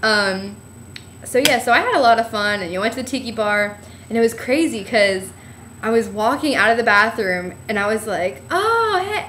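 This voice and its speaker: A woman's voice: normal speed, a little hiss or hum. A young woman telling a chatty, rambling story of her trip in a casual vlog, acting out what people said. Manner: chatty storytelling, acts out quotes with a bright high voice. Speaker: vlogger.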